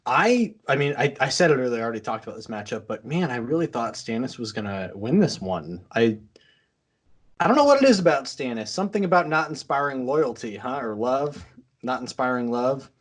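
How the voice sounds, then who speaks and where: A male podcast co-host talking casually about a fantasy story, rambling and restarting his sentences as he goes. His voice sits in an ordinary middle pitch for a man. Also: big pitch swings. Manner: rambling, halting restarts, quick to laugh. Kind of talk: casual chat.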